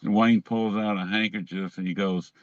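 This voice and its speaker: A man's voice: on the low side, steady tone, moderate pace, no echo, highs cut off. A man, telling rambling, self-amused stories as a guest in a casual chat. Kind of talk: casual storytelling.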